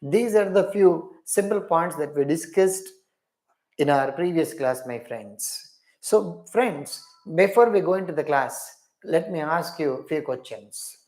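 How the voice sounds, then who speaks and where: Indian teacher running a live quiz class. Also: male voice, on the high side, expressive, unhurried, a little mellow. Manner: repeats questions and praises each answer with "wonderful". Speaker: English literature teacher. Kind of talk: live online class quizzing students.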